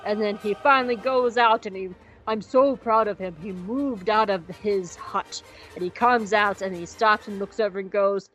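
A woman's voice: mid-range voice, a bit bright, low-quality recording. Jokey, rambling woman podcast co-host. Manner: rambling and jokey, with quick asides. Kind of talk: casual recap chat.

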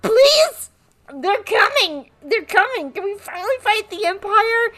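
A woman voicing an overeager male soldier who pleads and shouts to be let into battle. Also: extremely high pitch, lively intonation, measured pace, pitched above the performer's own voice, exaggerated voice. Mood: pleading excited.

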